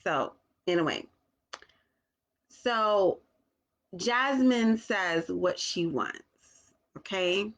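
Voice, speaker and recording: A mother talking casually to her viewers, halting often with restarts as she slows down to find her words. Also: medium pitch, lively intonation. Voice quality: slow, deliberate delivery. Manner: halting, with restarts and long pauses. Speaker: parent vlogger. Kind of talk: casual talk to camera.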